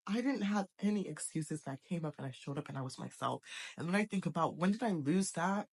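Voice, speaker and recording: A woman's voice: fairly low pitch, animated, brisk, breathy edge. A young adult woman talking to camera in a casual vlog, earnest, emotional and encouraging. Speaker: vlogger. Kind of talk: casual heartfelt vlog talk.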